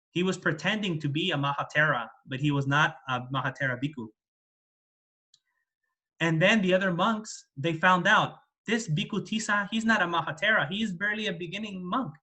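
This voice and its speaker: A man's voice: on the high side, sharp tone. A man, a Buddhist monk, retelling a scripture story in a plain, repetitive way with fillers. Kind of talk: dharma talk storytelling.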